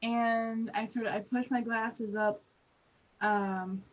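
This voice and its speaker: A woman playing in a tabletop game, speaking slowly and hesitantly. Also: a little high, fairly even intonation, recorded from a distance, lo-fi sound. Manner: slow, hesitant. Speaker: player. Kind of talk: casual tabletop role-play.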